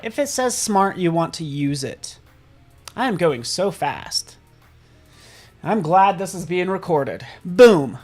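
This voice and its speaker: A man hosting a live software tutorial, upbeat and chatty, talking to viewers in the chat and joking about himself. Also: high voice. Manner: casual and self-joking. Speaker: host and software instructor.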